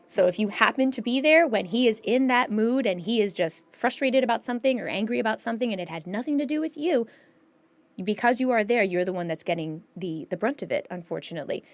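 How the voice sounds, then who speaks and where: A woman in casual chat about mental health, answering chat questions emphatically and acting out her own inner thoughts. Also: a little high.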